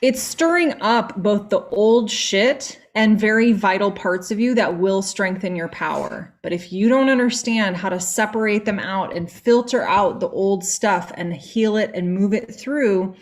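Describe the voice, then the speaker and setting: A woman's voice: medium pitch, unhurried, few pauses. A woman co-hosting a spiritual livestream, talking loosely and chattily with lots of fillers. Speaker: co-host and spiritual coach. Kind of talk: casual livestream chat.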